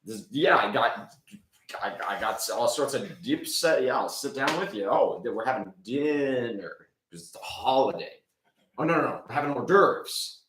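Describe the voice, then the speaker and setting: A man's voice: medium pitch, expressive, normal speed, fairly bright tone, echoey room, a little hiss or hum, close to an everyday voice, low-quality recording. A man voicing Rockin' Ricky, a brash male rock keyboardist showman, boastful and hyped, in improv comedy. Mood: chatty. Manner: boastful, hyped, sound-effect heavy.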